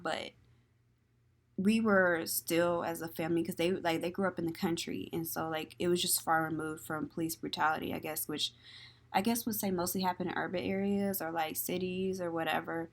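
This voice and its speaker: A woman's voice: lowish voice, steady tone, brisk, creaky. A woman hosting a solo podcast, talking candidly with lots of "like" and "um" and airing strong opinions. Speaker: podcast host. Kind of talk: casual solo podcast commentary.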